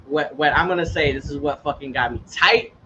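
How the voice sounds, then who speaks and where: A man with a high, bright, sharp-edged voice, talking on a casual podcast in a heated and profane way. The sound is dull and lo-fi, with a faint hiss underneath. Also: brisk. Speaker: podcast host.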